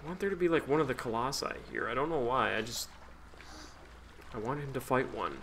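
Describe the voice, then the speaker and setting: A man's voice: medium pitch, expressive, fairly quick, a bit bright, slight background noise. A man streaming a video game, talking casually, with sarcastic, profane grumbling at the game. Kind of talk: casual let's-play commentary.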